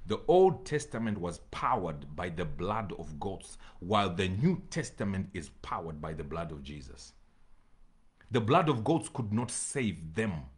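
A man preaching a sermon to his congregation, reading scripture slowly and repeating phrases for emphasis, sometimes pleading with his listeners. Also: low-pitched. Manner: addresses congregation directly, pleading. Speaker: pastor.

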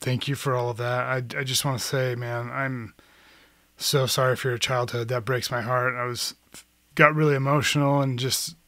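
A male podcast host with a mid-range voice asks gentle, sympathetic questions in a casual interview. He speaks in short prompts and sometimes restarts. His voice sounds close and dry. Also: medium pitch, little pitch movement, moderate pace, no room sound.

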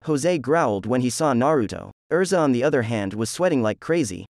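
A man narrating a fan fiction story aloud in a flat, steady reading voice. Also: medium pitch, fairly quick, few pauses, dry recording, studio quality.

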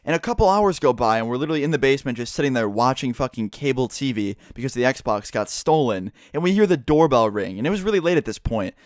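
Young male vlogger, rapid profane storytime delivery, dry close sound. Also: mid-range voice, expressive, no room sound. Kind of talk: casual storytime.

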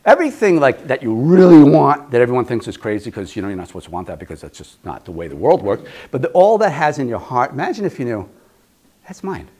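A man pastor preaching a casual, conversational sermon, often repeating phrases for emphasis and slipping into quick acted asides. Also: medium pitch, sing-song, darkish tone.

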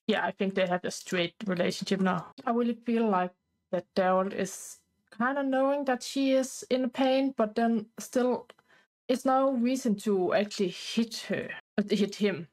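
A woman's voice: mid-range voice, a little slow, a little mellow, rough recording. A woman casually narrating a life-sim game and restarting her sentences as she thinks aloud. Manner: rambling, restarting mid-sentence. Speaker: gameplay narrator.

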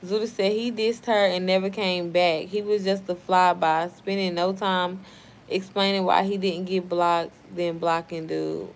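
Young woman streamer, tipsy, loud and profane, reads chat and cusses people out, faint room hum behind. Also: fairly low pitch, fairly even intonation. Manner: brash, profane, quick to snap at chatters. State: tipsy from wine. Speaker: livestream host reading chat. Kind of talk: casual livestream chat.

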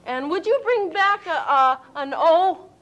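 High bright woman teaching phonics slowly. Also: expressive, muffled recording. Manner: sounding out letters, delighted. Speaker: children's TV presenter.

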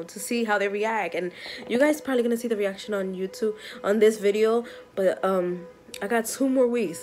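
A pregnant woman in her thirties from New York, chatting excitedly to camera in a rambling, giggly way. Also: mid-range voice. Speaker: vlogger, mother of five. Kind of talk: casual vlog chat to camera.

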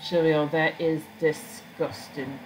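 A woman's voice: deep voice, little pitch movement, takes it slowly, over music, low-quality recording. A woman chatting casually and making joking asides while she plays a video game. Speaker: let's-play gamer. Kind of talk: casual gameplay commentary.

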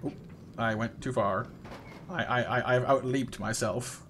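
A man's voice: medium pitch, steady tone, measured pace, a bit bright, slight background noise. A young man doing playful live gameplay commentary, chatting with viewers by name and coaxing game characters along. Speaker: streamer.

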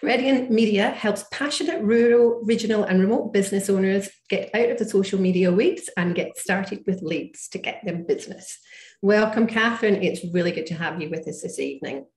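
A woman's voice: medium pitch, fairly quick, a little mellow. Scottish woman co-host, friendly introductions, echoey room sound. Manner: friendly and welcoming. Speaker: community ambassador, co-host. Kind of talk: webinar introductions.

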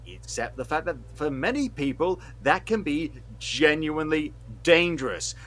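A man's voice: on the high side, lively intonation, moderate pace, a bit bright. A man co-hosting a film review podcast, ranting with heated, sweary sarcasm. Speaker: podcast co-host reviewing films. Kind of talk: casual podcast rant.

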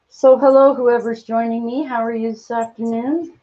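A woman hosting a casual live stream, cooing at her pet in high baby talk between plain explanations. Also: steady tone, moderate pace, mellow, highs cut off.

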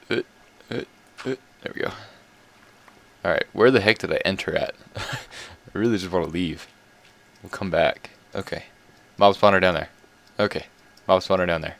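A man giving casual, rambling commentary while playing a game, excitable and laughing often. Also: low voice, gravelly. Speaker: gaming video creator.

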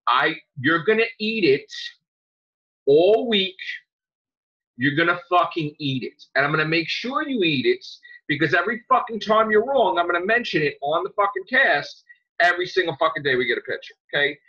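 Angry guy podcast host, bright husky voice swinging all over, cussing a lot, dull lo-fi audio. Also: sits high, animated, normal speed. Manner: heated, profane, jumps to loud outbursts. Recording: dull lo-fi sound.

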